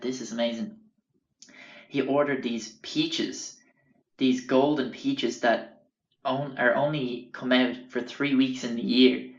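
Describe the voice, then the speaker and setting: A young man hosting a podcast, telling a casual story in a rambling, profane way full of fillers. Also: medium pitch. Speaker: podcast host. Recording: roomy, slightly dull recording.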